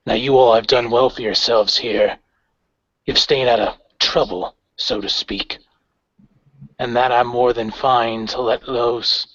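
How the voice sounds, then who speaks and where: A man playing a grim, cold gang leader who speaks with measured, menacing calm. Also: mid-range voice, dry recording. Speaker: player voicing his character. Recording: dry, dull lo-fi recording.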